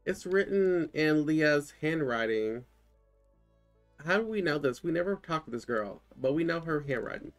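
A man's voice: a little high, unhurried. A man casually commentating his own gameplay, thinking aloud and exclaiming at what he finds. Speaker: gaming channel host. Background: game music.

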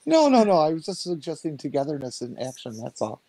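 A man's voice: a little high, big pitch swings, a little fast, mellow, poor audio. A man on a casual chat panel, teasing and bantering.

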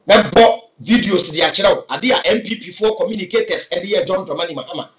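Here the political commentator, a Ghanaian-accented man, speaks a little fast in a high-pitched, fairly bright voice, with a roomy sound around him. It's an impassioned opinion vlog where he earnestly urges his views to camera, filling pauses hesitantly.

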